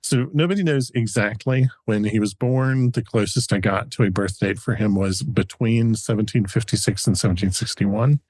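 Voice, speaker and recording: A man's voice: fairly low pitch, moderate pace, few pauses, a little mellow, no echo. A man co-hosting a podcast, telling a history story in a chatty, researched way with frequent chuckles. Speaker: podcast co-host.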